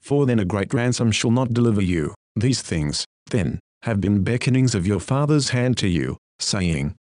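A man's voice: fairly low pitch, lively intonation, moderate pace, darkish tone, dry recording, clean studio sound. A man reading a sermon aloud as a preacher, in an earnest, pleading manner.

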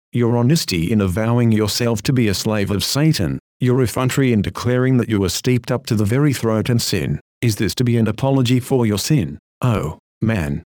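A man's voice: on the low side, darkish tone, no room sound. Earnest exhorting male preacher, dry sound. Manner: earnest, exhorting, slow emphatic phrasing. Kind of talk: read Victorian sermon.

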